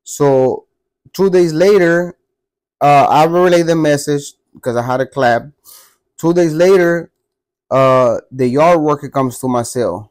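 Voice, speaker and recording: A man's voice: on the high side, takes it slowly, darkish tone, no echo. A man telling a story in blunt, profane street slang, in a casual manner.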